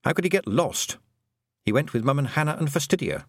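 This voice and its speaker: A man voicing a clever young farm girl, earnest and quick. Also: a little high, very animated, a bit bright, breathy edge, no echo, clean studio sound, voice pushed up, full character voice. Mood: worried.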